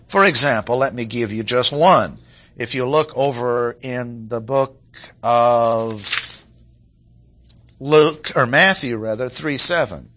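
A man preaching an expository sermon, emphatic, clearing his throat now and then and acting out quoted lines. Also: medium pitch, bright, forceful tone. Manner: clears throat often, restarts phrases.

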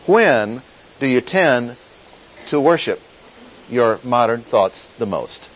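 A man teaching through a Bible passage in a sermon, deliberate and emphatic, repeating key phrases. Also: medium pitch, animated, poor audio. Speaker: pastor teaching.

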